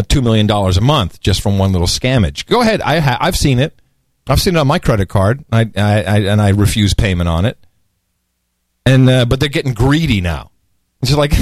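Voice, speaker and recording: Animated mocking male podcast host. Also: medium pitch, dry recording, clean studio sound. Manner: animated, mocking, slips into sarcastic impressions. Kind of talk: casual chat.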